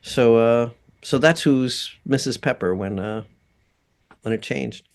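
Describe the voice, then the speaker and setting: A man being interviewed as a guest composer and voice actor, chatting casually with a rambling delivery and frequent laughs. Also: medium pitch. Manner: slow, rambling, laughs often.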